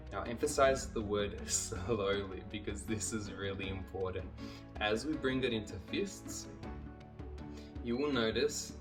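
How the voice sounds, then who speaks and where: A lower-voiced man leads a body-calming exercise in a calm, steady instructional tone. His voice sits a little back from the mic. Clear guitar music plays underneath. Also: far from the mic. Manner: calm, steady, talks viewers through each step. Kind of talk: guided exercise instruction to camera.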